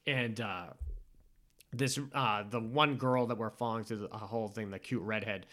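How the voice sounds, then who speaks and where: Animated rambling man with a bright edge. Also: fairly low pitch, normal speed. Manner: rambling, animated storytelling with many fillers. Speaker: podcast co-host recapping a film. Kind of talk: casual chat.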